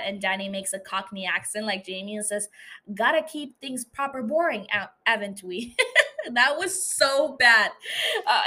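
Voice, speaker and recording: A woman with a bright, forceful voice talks through an episode recap in a loose, chatty way. She laughs often and leans on fillers as she tells the story. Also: medium pitch. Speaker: podcast host recapping a series.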